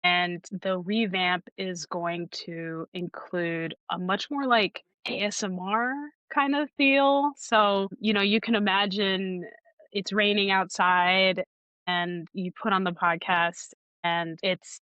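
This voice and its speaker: A woman audiobook narrator talking thoughtfully in an interview, pausing and restarting as she gathers her words. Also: mid-range voice, steady tone, pushed and bright, clear, resonant tone, dry recording, muffled recording. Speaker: audiobook narrator and podcast guest. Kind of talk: conversational interview.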